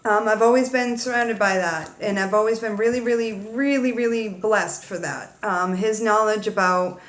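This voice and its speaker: A woman's voice: mid-range voice, fairly even intonation, moderate pace, fairly bright tone. Woman tarot reader, casual and playful, salty slang, roomy echo. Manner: playful, slangy, swears freely, talks straight to viewers.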